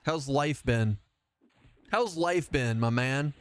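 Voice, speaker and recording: A man's voice: mid-range voice, takes it slowly. A man chatting casually as he streams a game live, rambling and self-mocking and laughing often.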